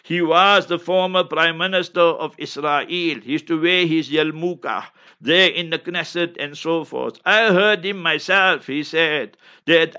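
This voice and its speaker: A man's voice: on the high side, measured pace, sharp tone, lo-fi sound. A man giving an impassioned, declamatory religious talk, hammering his points with constant reminders. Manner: fiery, declamatory, keeps repeating "remember". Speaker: religious speaker.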